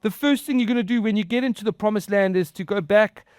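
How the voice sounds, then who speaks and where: A man preaches a conversational sermon, his voice sitting high for a man. He talks in an earnest, halting way, stumbling over and repeating words as he goes. The sound is dry, with no room echo. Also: clean tone. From outside the US. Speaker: pastor.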